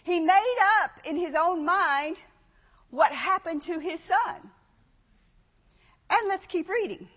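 A woman's voice: extremely high pitch, slow pace, long pauses, a bit bright. A woman preaching a sermon in a conversational way, asking rhetorical questions and reading scripture. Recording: dull lo-fi sound, long hall reverb.

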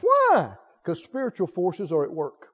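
Male preacher, high and lively, folksy and emphatic, church hall reverb. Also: unhurried, husky. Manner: animated, rising to emphatic exclamations, conversational asides. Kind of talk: sermon. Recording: dull audio with long hall reverb.

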